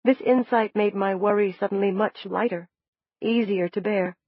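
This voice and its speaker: A woman's voice: medium pitch, fairly even intonation, no echo. Woman reading a novel in first person. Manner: measured, descriptive. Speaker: audiobook narrator. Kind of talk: first-person scripted narration. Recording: dull, dry lo-fi audiobook recording.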